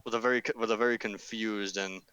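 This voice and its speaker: A man's voice: fairly low pitch, fairly even intonation, fast talker, pushed and bright, clean tone, dry recording, lo-fi sound. A man narrating as game master in a casual tabletop game with friends, rambling, full of fillers and swearing.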